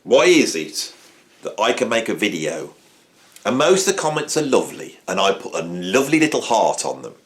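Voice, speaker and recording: A man, talking to camera on his music channel in an animated, rambling, self-mocking way. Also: on the low side, moderate pace. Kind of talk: casual talk to camera.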